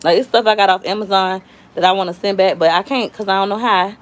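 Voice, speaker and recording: A woman in her thirties rambles casually to her viewers from home, slangy and loose. She sounds a bit out of breath, her voice sitting in a middle pitch. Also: fairly even intonation, quick pace. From Florida, US. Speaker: YouTube cooking vlogger. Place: at home with family.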